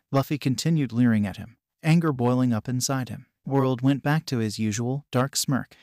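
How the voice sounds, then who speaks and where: A man narrating a fan-written story, reading it evenly and flatly. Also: mid-range voice, moderate pace, hardly any pauses, dry recording, clean studio sound. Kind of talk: read-aloud fanfiction narration.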